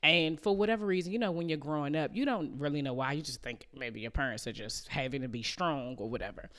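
A woman in her thirties talks through a personal story on her podcast, loose and conversational. She fills the pauses with plenty of "you know" and small laughs, and she slips into the voices of the people in her story as she goes. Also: low-pitched, a bit bright. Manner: chatty, with many fillers and laughs; acts out family members' lines. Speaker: podcast host. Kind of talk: casual storytelling monologue.

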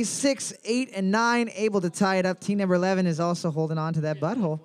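High-voiced joking trivia host, man. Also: steady tone, a little fast, smooth, no room sound. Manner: jokey and profane, reads questions twice. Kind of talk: live pub trivia hosting with banter.

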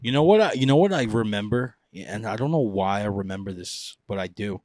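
A man's voice: lowish voice, animated, fairly quick, a little mellow, no room sound, studio quality. A man co-hosting a podcast, rambling through a memory with lots of fillers. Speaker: podcast co-host. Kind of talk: casual chat.

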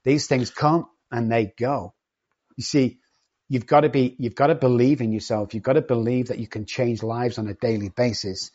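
A cocky, loud-mouthed man who swears freely and doesn't soften anything. His voice is husky, and the recording is a little dull and lo-fi. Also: mid-range voice, fairly even intonation, normal speed. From not from England. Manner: profane, cocky and confrontational. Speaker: addiction treatment company owner. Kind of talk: blunt podcast conversation.

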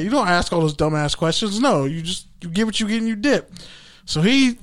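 A man's voice: sits high, brisk. A young man telling a story in a casual, profane way, acting out what people said. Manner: profane, animated storytelling with acted-out quotes. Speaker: podcast host.

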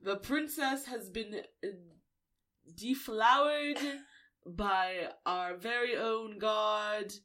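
A woman putting on the voice of a loud, pompous town herald making a proclamation in drawn-out tones. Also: medium pitch. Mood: proclaiming.

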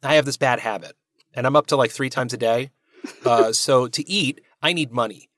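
A man's voice: medium pitch, moderate pace, fairly bright tone, no room sound, clean studio sound. A man with an American accent, a working voice actor talking candidly and self-deprecatingly in a casual interview. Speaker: voice actor guest.

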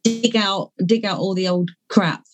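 A woman's voice: medium pitch, fairly even intonation, normal speed. A woman, a guest author speaking candidly and casually, with the odd swear word. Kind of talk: casual conversational interview.

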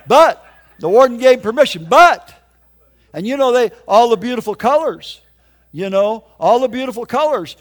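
A man's voice: very high voice, expressive, moderate pace. An older man preaching his testimony in an emphatic, folksy storytelling way. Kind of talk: sermon testimony.

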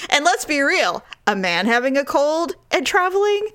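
A woman in casual chat, telling a story with animated mimicry and frequent laughter. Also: sits high, normal speed, hardly any pauses.

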